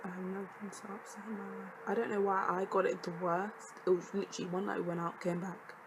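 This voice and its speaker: A woman's voice: medium pitch, level tone, fast talker, background noise. A young woman, a student vlogger chatting casually to camera, sassy and jokey with lots of laughing asides. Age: young adult.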